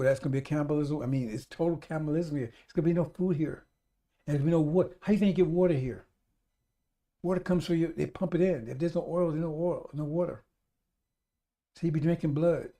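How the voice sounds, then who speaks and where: A man's voice: fairly high pitch, warm tone. A man preaching a radio sermon, repeating himself emphatically and calling out to his brothers and sisters. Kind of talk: live-streamed radio sermon.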